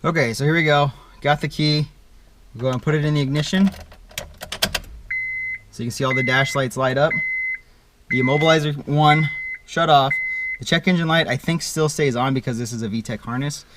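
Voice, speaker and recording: A young man hosting a car build vlog, calmly explaining his work as he goes in a home garage. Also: on the high side, a little fast, pauses often, background noise. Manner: laid-back, chatty, explains as he works. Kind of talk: casual garage vlog walkthrough.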